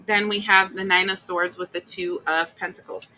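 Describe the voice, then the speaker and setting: Bright, animated woman reading tarot. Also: lowish voice, normal speed, a little hiss or hum. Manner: blunt, animated, swears, acts out the listener's complaints. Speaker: tarot reader.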